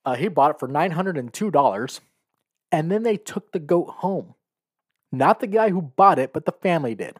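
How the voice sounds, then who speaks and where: Guy ranting on his podcast, kinda high voice, sarcastic, laughs at the stuff he reads. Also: animated, moderate pace, husky. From California. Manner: blunt, sarcastic, laughs while reading. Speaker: podcast host. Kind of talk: casual opinion podcast monologue.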